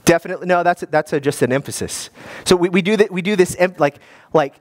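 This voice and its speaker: A man, a guest pastor, preaching a sermon in a lively, conversational way with many restarts. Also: sits high, quick pace.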